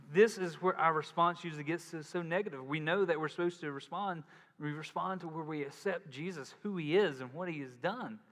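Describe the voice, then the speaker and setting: A man's voice: a little high, a bit bright. A male pastor preaching a sermon in a conversational way, acting out the voices he quotes. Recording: long reverb in a large hall.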